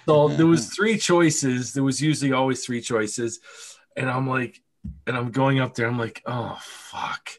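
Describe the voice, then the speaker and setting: Guy on a hangout podcast rambling thru stories, cussing a lot, laughs along, mid pitch. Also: moderate pace. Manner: animated anecdotes, frequent swearing and laughter. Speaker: podcast co-host. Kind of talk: casual storytelling chat.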